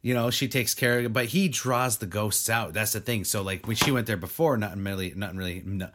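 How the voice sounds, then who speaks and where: A man's voice: on the low side, fairly quick, background noise. A man co-hosting a casual chat, teasing his co-host in a joking manner and swearing casually. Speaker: podcast co-host.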